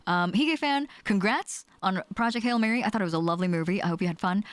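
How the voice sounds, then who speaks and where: A woman's voice: fast, hardly any pauses, no room sound. A woman streamer chatting casually with viewers, playful and bubbly. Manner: bubbly and playful, lively pitch. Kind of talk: casual chat while reading chat.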